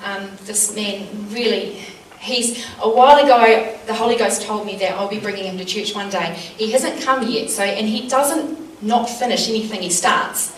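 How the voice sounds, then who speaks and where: A woman shares faith stories with a small group, earnest and animated, pausing on fillers as she goes. Her voice sits in a middle register. It reaches the mic from a distance in an echoey room with a faint hum of ambience. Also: medium pitch. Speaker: church speaker. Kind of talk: teaching with personal testimony. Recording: roomy sound from a distant mic, faint background noise.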